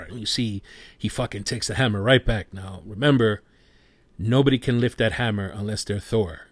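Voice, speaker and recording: A man's voice: lowish voice, normal speed, dry recording. A man giving a casual spoken movie review, passionate and rambling, who swears freely.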